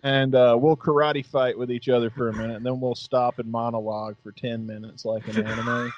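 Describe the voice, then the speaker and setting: A laid-back middle-aged man in a casual podcast chat, swearing freely and laughing between stories. His voice sits at an ordinary pitch. The sound is dull and lo-fi with no room echo. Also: little pitch movement, a little fast. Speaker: podcast host.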